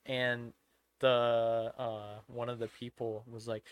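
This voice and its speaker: A man's voice: mid-range voice, steady tone, measured pace, clean tone. A man co-hosting a podcast, telling stories casually and acting out what others said. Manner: storytelling, acts out quotes with loud bursts. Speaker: podcast co-host. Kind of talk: casual chat.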